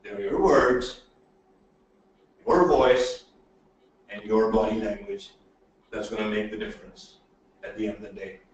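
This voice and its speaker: A man teaching presentation skills in a webinar, animated and emphatic, checking in with "okay?" often. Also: on the low side, unhurried, pauses often, lo-fi sound. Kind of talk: webinar lecture. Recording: very echoey room audio from a distance, faint noise.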